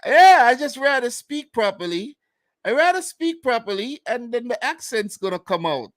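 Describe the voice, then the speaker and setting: A man's voice: very high voice, big pitch swings, normal speed, no echo. A man from Saint Vincent with a Vincentian accent, co-hosting a casual football chat in a laid-back, slangy way. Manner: laid-back, slangy, slips into island dialect. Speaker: co-host.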